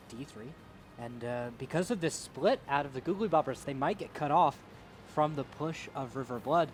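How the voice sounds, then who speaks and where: A man giving live play-by-play commentary on an esports tank match, getting louder and quicker as the fights heat up. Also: medium pitch. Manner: rises to excited calls during fights. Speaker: esports caster.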